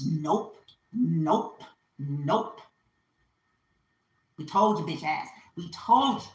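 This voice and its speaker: A woman's voice: on the low side, slow pace, pauses often. A woman giving a spiritual reading in a casual, profane and emphatic rant full of repetition. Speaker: spiritual reader. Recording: roomy echo.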